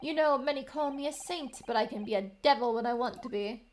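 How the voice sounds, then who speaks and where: A woman's voice: high-pitched, a little fast, slight background noise, pitched above the performer's own voice, close to an everyday voice. Woman as smug male prosecutor, theatrical, threatening. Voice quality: theatrical, menacing.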